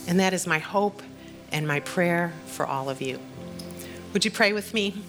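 A middle-aged woman pastor giving a sermon and a closing prayer, personal and gently encouraging. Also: mid-range voice, moderate pace, faint music behind.

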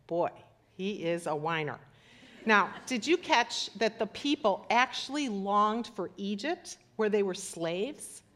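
A middle-aged woman preaching a sermon, reading scripture and acting out the voices in it with lively commentary. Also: mid-range voice. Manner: animated, acts out scripture voices. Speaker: pastor.

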